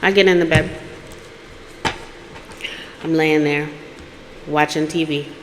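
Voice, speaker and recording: A woman hosting a storytelling podcast who acts out the dialogue in her story and swings between loud bursts and hushed asides. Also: low voice, steady tone, slow, big-room sound, slight background noise. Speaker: podcast host.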